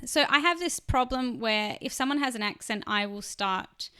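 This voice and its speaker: An Australian woman chatting on a podcast, telling personal stories in a chatty, animated way. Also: fairly high pitch, moderate pace, clean tone. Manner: chatty storytelling, animated when quoting others. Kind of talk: casual podcast chat.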